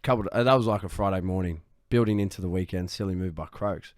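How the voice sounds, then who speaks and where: A man's voice: sits low, fast, no echo. A young Australian man co-hosting a podcast, telling a story in casual chat and laughing often. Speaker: podcast co-host. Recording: dry studio.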